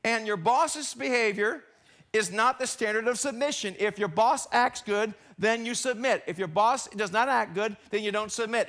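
High-voiced, animated male pastor preaching. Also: moderate pace. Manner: animated, acts out quoted coworkers. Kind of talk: sermon. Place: church.

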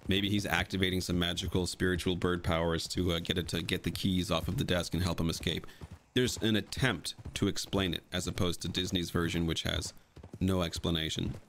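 A man's voice: low-pitched, fairly even intonation, a little fast, a bit bright, slight background noise. A young man giving a casual, blunt voice-over commentary about his own film edit and swearing freely as he talks. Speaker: video creator explaining his fan edit of a film.

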